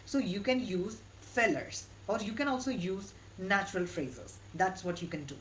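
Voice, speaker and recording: A woman giving an online English lesson in a steady, instructive way, repeating her key points. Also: medium pitch, normal speed, few pauses, over loud music, low-quality recording. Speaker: English teacher.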